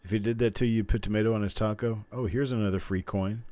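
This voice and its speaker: A man's voice: fairly low pitch, fairly even intonation, quick pace, dark tone, no echo. A middle-aged man hosting a coin roll hunting livestream, rambling and joking as he goes, chuckling often. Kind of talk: casual live-stream chat.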